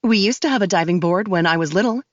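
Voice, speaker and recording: A woman voicing a quiet homeowner who speaks casually on the phone. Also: mid-range voice, dry recording, close to an everyday voice. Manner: casual, unhurried. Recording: dull, dry studio read.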